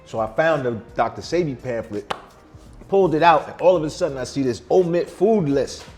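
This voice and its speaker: A man's voice: mid-range voice, animated, fairly quick, mellow, faint music behind. Emphatic slangy middle-aged man. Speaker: vegan chef guest. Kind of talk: casual interview chat. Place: restaurant.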